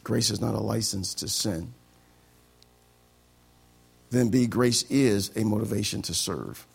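A man preaching a sermon as pastor, animated and acting out conversations. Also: lowish voice, measured pace, vocal fry, breathy edge.

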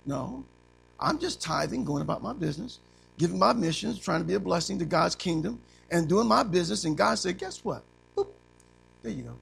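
Animated preacher, high gravelly voice. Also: male voice, a little fast. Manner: animated preaching with call-and-response questions; acts out little scenes in other voices. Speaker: pastor. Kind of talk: sermon.

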